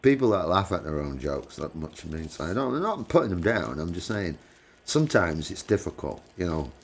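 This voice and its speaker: A man's voice: low voice, very animated, moderate pace. An English man hosting a livestream, chatting casually with viewers, laughing often and swearing freely. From England. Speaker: livestream host. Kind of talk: casual chat with live viewers. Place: living in the United States.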